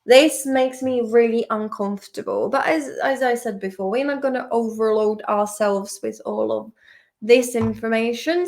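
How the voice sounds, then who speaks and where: A woman runs a relaxed vocabulary lesson, speaking at an unhurried pace in a slightly high voice with a gravelly edge. She is chatty and teasing, and she curses casually at the definitions she reads. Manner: chatty, playful, swears and teases the dictionary. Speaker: English vocabulary teacher.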